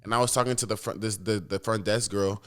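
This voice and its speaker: A man's voice: fairly low pitch, fairly even intonation, fast, fairly bright tone, clear, resonant tone. Rambling, cussing young man telling a story. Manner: rambling, profane, restless storytelling. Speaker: vlogger. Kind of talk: casual storytime vlog.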